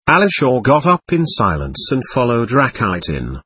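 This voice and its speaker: A man narrating a classic novel as an audiobook in a measured, expressive reading. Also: medium pitch, breathy edge. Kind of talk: scripted narration.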